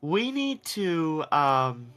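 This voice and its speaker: A man's voice: on the high side, very animated, drawn-out words, fairly bright tone, faint music behind. A man chatting casually on a stream as co-host, explaining things hesitantly with lots of fillers.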